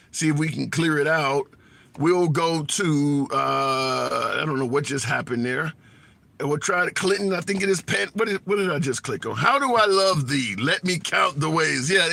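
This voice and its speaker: A talkative man with a gravelly, bright-toned, fairly high voice speaks at a normal speed. He's a livestream host taking callers in casual, opinionated chat, blunt and colloquial and prone to laughing at his own jokes.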